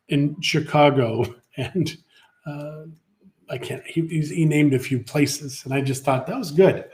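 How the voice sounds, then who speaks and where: A man's voice: a little high, darkish tone. A middle-aged man co-hosting a livestream, chatting casually and rambling through stories with many restarts. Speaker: co-host of a livestream show. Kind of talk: casual chat.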